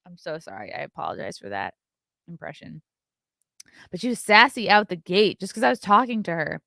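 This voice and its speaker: A woman in her thirties chats casually on a live stream, reading viewers' messages and telling brash, sarcastic stories. Her mid-range voice is creaky and a bit bright, swinging widely in pitch at a slightly fast pace. The clean studio sound has no room sound.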